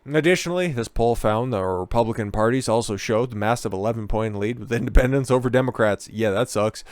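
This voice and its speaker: Profane, sarcastic political ranter. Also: male voice, mid-range voice, a little fast, no echo. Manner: profane, sarcastic ranting with sudden loud outbursts. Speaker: political commentator. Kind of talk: political commentary reading poll articles.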